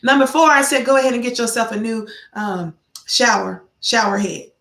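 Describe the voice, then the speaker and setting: Woman vlog host, middle-aged, gravelly, sermon-like storyteller, roomy sound. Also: on the high side, steady tone, moderate pace, fairly bright tone. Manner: preachy, storytelling, repeats key phrases for emphasis. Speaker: vlog host giving life advice. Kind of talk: casual motivational talk to viewers. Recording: roomy echo.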